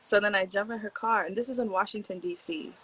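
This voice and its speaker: A woman's voice: medium pitch, fast, a bit bright, slightly rough, poor audio. A young woman from Hawaii, a podcast guest, telling stories in a laid-back, slangy way with lots of "like" fillers and acted-out quotes. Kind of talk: casual storytelling chat.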